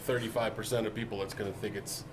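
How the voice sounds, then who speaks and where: A man's voice: fairly low pitch, fairly even intonation, quick pace, background noise. A man co-hosting a casual music shop Q&A, loose and joking, swearing casually. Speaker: co-host of a music shop Q&A show. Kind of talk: casual chat.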